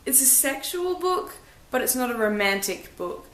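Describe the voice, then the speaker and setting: A woman's voice: high voice, animated, moderate pace, fairly bright tone, echoey room, slight background noise. A young woman giving a blunt, chatty, self-deprecating book review in a casual vlog. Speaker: book vlogger.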